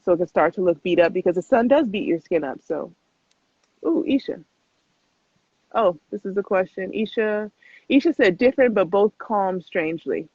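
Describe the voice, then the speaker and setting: A young adult woman hosting a casual live Q&A, chatting quickly and laughing often as she answers viewer questions. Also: medium pitch, expressive, darkish tone, husky, dry recording. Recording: tinny phone-like live stream, dry.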